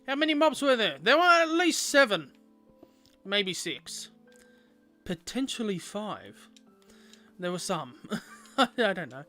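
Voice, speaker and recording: A man's voice: high-pitched, big pitch swings, slow pace, pushed and bright, faint music behind. A young man chatting playfully with viewers while streaming a game. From Australia. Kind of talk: casual gameplay livestream chat.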